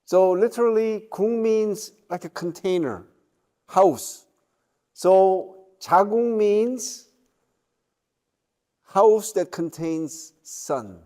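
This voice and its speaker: A man giving a university lecture, checking in with the class and pausing on fillers. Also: high-pitched, lively intonation, mellow. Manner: slow, with many fillers and checking questions. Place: lecture room.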